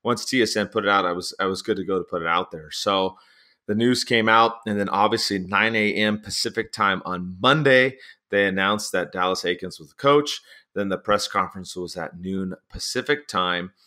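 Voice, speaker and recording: A man hosting a sports podcast in casual chat, a chatty and animated storyteller. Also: sits low, moderate pace. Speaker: podcast host.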